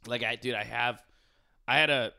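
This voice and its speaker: A man's voice: mid-range voice, steady tone, normal speed, vocal fry, bright, forceful tone, clean tone. A young man on a podcast, chatting casually and animatedly, swearing often and saying "dude" a lot.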